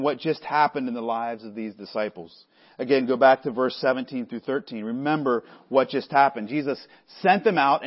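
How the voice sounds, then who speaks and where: A man preaching a sermon as pastor, measured and earnest, sometimes stumbling and restarting his words. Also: fairly high pitch, lo-fi sound. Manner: measured preaching with frequent restarts, voicing the disciples conversationally.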